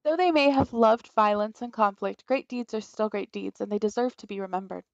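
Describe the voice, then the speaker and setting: A woman's voice: medium pitch, a little fast, no echo, lo-fi sound, lightly acted. A woman voicing a proud, grandiose female spirit guardian in a video game, speaking in a pompous, theatrical formal manner.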